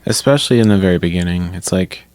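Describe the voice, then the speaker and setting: A man's voice: deep voice, fast, a little mellow, clear, resonant tone, no room sound. A man co-hosting a casual podcast, laid-back, chiming in with short asides and explanations. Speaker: podcast co-host. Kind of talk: casual chat.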